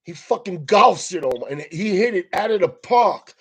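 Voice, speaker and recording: Husky high-voiced man ranting profanely. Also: normal speed. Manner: animated, swears constantly, laughs mid-sentence. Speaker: comedian. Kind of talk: casual profane rant.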